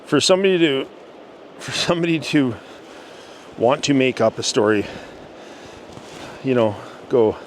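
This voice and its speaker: A middle-aged man talking casually to the camera while walking through a forest, easygoing and halting with many restarts. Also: medium pitch. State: out of breath. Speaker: channel host. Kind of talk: casual rambling talk to camera. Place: outdoors in a forest by a river, walking uphill. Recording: outdoor recording with steady background noise.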